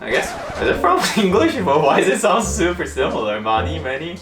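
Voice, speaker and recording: Brief: playful young Korean-accented male host, rather high voice, roomy sound with background music. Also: very animated, quick pace. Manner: playful, laughs at himself. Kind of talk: casual language lesson. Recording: roomy room with music behind.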